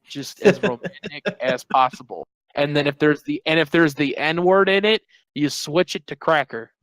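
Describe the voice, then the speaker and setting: Wisecracking male stream guest, smooth tone, a bit high. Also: moderate pace, a bit bright, dry recording, low-quality recording. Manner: playful, wisecracking. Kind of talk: casual stream chat.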